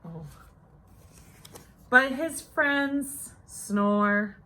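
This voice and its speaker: Woman reading a children's picture book, very slow, bright, lively pitch, playful rhythmic delivery. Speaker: storyteller.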